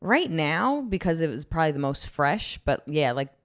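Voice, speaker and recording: A woman from New Jersey, a comedian chatting casually as a podcast guest, telling stories in a loud, animated way. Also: sits low, normal speed.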